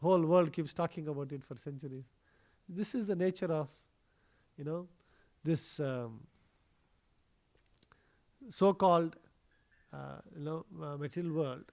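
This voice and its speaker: A man gives a scripture class at a temple. He tells the story conversationally, often pausing on a "you know" or an "uh". His voice rises and falls as the story builds. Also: a little high, a little mellow. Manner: storytelling, conversational with many fillers. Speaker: temple speaker. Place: temple hall.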